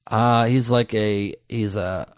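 A man's voice: fairly low pitch, fairly even intonation, takes it slowly, smooth, no echo, clean studio sound. A man guest chatting on a podcast, telling rambling stories and poking fun at himself. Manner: rambling, self-mocking storytelling. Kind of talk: casual podcast chat.

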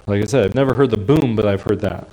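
A male preacher giving a sermon in a conversational, explanatory way, dropping into soft hushed tones for quiet phrases. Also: lowish voice, quick pace, low-quality recording. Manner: conversational, drops to a soft hush for quiet lines.

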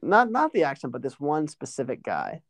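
A man's voice: medium pitch, huge pitch swings, moderate pace, vocal fry, no room sound. A young man co-hosting a podcast, chatting casually about sports in a joking, self-deprecating way. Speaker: podcast co-host.

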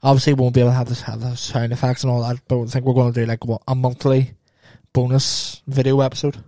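A man's voice: mid-range voice, level tone, quick pace, dark tone, no room sound. A man co-hosting a podcast, laid-back and tired, with dry quips. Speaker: podcast co-host. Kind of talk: casual chat. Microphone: podcast mic.

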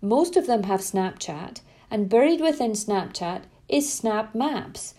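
A middle-aged woman coaching parents in an earnest, emphatic way, stressing her points by saying them twice. Her voice sits a little high but sounds mellow and soft-edged. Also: lively intonation, slow pace. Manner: emphatic, repeats words for stress, tells anecdotes. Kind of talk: earnest spoken talk to parents.

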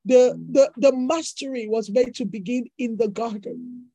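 A woman's voice: fairly high pitch, unhurried, dark tone, no echo, rough recording. A woman preacher delivering a fervent sermon with repeated declarations.

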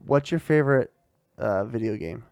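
Casting note: a mother questioning her kid, very low pitch, a bit of vocal fry, mellow tone, laughs easily. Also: lively intonation, normal speed, no echo, clean studio sound, soft background music. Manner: chatty, encouraging, laughs often. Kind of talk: casual family interview.

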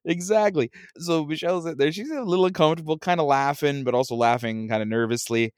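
A man's voice: on the high side, fast, no echo, studio quality. A man in his thirties casually telling a long family story, acting out his relatives and laughing often. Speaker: storyteller guest. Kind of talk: casual chat.

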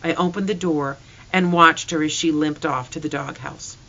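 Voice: medium pitch, fairly even intonation, normal speed, vocal fry, sharp tone, highs cut off. A reader narrating a storybook in first person with an earnest, emotional delivery.

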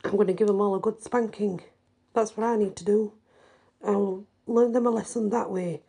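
A woman voicing a stern, dismissive middle-aged father in a spoken story, scolding in a husky voice. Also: mid-range voice, steady tone, moderate pace, mellow.

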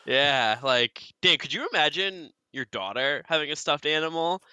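A man's voice: fairly high pitch, lively intonation, normal speed, sharp tone, smooth, dry recording. A man co-hosting a casual podcast chat, gushing enthusiastically with plenty of fillers. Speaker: podcast co-host.

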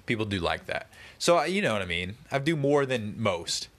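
A man's voice: fairly low pitch, expressive, fairly quick, few pauses, a bit bright. A man vlogging a casual late-night monologue at home, rambling through tangents and mockingly quoting other people. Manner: rambling, tangent-prone, mock-quotes people.

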